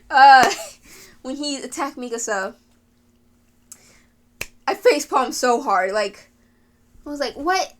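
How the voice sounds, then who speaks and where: A woman's voice: high-pitched, takes it slowly, pauses often. A woman giving a rambling, gushing anime rant, with frequent sighs, laughs and fillers. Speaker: anime video creator.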